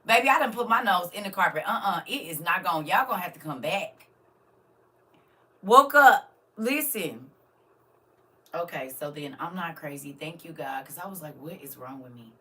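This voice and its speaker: A middle-aged woman chatting casually to viewers on a live stream, emotional and animated, laughing often and swinging from quiet musing to loud exclamations. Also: fairly low pitch, brisk, breathy edge. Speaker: livestream host.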